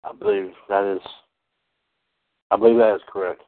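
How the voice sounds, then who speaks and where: A man's voice: on the low side, fairly even intonation, moderate pace. Rambling man on a lo-fi podcast line. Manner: rambling, self-correcting, playful announcer flourishes. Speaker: trivia show host. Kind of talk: casual podcast chat. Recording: phone-like lo-fi audio.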